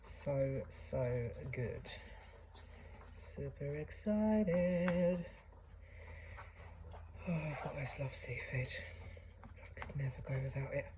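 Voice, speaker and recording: A woman's voice: very deep voice, steady tone, unhurried, noisy background. A woman hosting a casual cooking demonstration, chatting to viewers in a chatty, self-deprecating way. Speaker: cooking channel host. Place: kitchen away from home.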